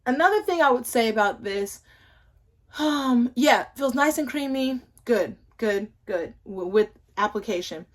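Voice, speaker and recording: A woman's voice: fairly high pitch, animated, unhurried. A young woman chatting casually at home as she reviews hair products, rambling with playful asides to her viewers. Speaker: hair care vlogger.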